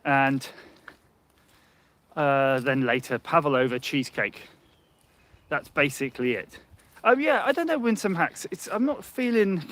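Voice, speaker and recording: A man's voice: medium pitch, fairly bright tone. A man livestreaming casually on a handheld phone while walking outdoors along a muddy path, rambling and chatty, laughing often. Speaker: livestream host. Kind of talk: casual live chat.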